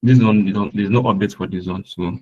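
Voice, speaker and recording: A man's voice: on the low side, fairly even intonation, fairly quick, muffled recording, background noise. A man teaching a live web design class, patiently repeating points and often checking that his students are following. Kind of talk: live screen-share tutorial.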